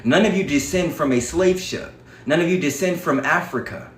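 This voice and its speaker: A man's voice: a little high, moderate pace, reverberant, slight background noise. A man giving an impassioned livestream lecture, talking to his viewers in an emphatic, profane and repetitive way. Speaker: livestream speaker on history.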